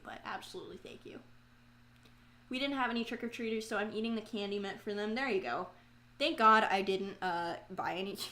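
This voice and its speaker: This woman is live streaming while she paints a pumpkin, talking casually to viewers. Her medium-pitched voice carries self-mockery, free swearing and sudden loud bursts of frustration.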